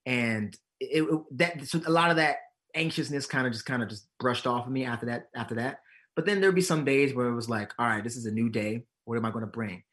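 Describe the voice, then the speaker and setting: Brisk and medium-pitched, this man's voice carries a casual interview in which he's presented as an actor and comedian. His storytelling is lively, full of acted-out quotes and plenty of laughter.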